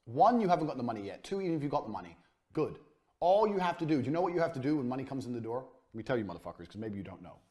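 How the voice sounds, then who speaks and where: A man's voice: mid-range voice, very animated, rapid-fire, darkish tone. A man giving a business course lecture, talking bluntly and commandingly and swearing often. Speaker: business coach.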